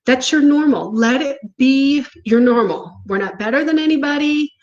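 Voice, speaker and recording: A woman talks to her viewers from home in an earnest, encouraging way. Her voice sits a little on the high side, and a light laugh slips in now and then. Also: normal speed, darkish tone, dull audio. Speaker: spiritual coach. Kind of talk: casual talk to viewers.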